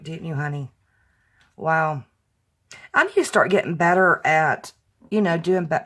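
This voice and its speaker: A woman vlogger chatting warmly to her viewers as she opens handmade gifts, gushing and tender as she talks straight to them. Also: lowish voice. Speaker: crafting vlogger opening fan mail. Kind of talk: casual chat to camera.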